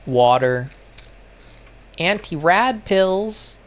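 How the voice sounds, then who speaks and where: Slow, rambling man narrating gameplay. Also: high-pitched, lively intonation. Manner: rambling, sarcastic, swears often. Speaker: gaming video creator. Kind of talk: casual gameplay commentary.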